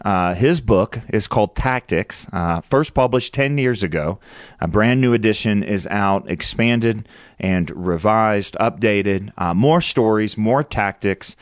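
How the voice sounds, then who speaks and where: A man with a low voice hosts a podcast interview in a dry, close sound. He talks earnestly, often restarting and repeating words as he gathers his thoughts. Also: no room sound. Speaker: podcast host. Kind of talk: conversational interview.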